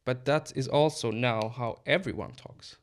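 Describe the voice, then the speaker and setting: A Swedish man with a Swedish accent co-hosts a podcast, chatting casually and thinking aloud with ums and restarts. His voice is medium-pitched and his pace moderate.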